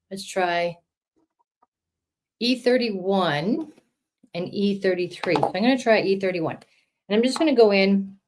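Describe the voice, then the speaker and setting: A woman's voice: on the low side, a little mellow, a little hiss or hum. A middle-aged woman in a casual crafting livestream, chatting and encouraging viewers as she colors. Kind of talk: casual live-stream chat while coloring.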